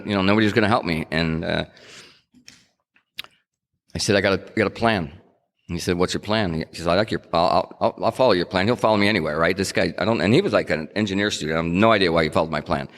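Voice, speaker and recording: A man with a very low voice tells his own story in a casual, candid way. He pokes wry fun at himself as he goes. His voice rings out with a long hall reverb. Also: fairly bright tone. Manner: candid, self-mocking and wry. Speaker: speaker sharing his recovery story.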